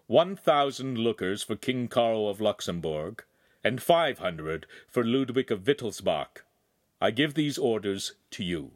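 A man voicing a commanding, good-humored nobleman who gives orders briskly and teases. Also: fairly low pitch, sing-song, no room sound, studio quality.

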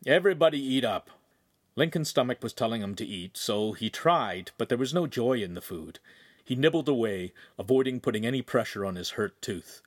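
A man reading a young adult novel aloud in a measured, even way. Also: mid-range voice, no echo, clean studio sound. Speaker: audiobook narrator. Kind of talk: scripted narration.

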